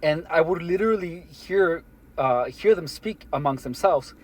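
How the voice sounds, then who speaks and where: A man speaking alone to the camera in an earnest, matter-of-fact monologue, halting with many restarts and fillers. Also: a little high, lively intonation, a little mellow. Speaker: vlogger. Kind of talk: first-person monologue to camera.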